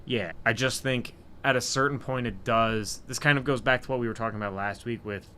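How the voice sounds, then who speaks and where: A man's voice: medium pitch, brisk, sharp tone, slight background noise. A man co-hosting a casual sports podcast, giving opinionated takes at length. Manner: opinionated, argues points at length. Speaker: podcast co-host.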